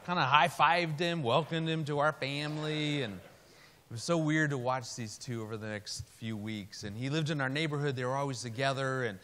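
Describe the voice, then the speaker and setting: A man's voice: mid-range voice, normal speed. Man preaching in a reverberant hall. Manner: animated, humorous storytelling turning earnest. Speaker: Christian speaker. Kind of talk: storytelling sermon. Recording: reverberant hall with faint hiss.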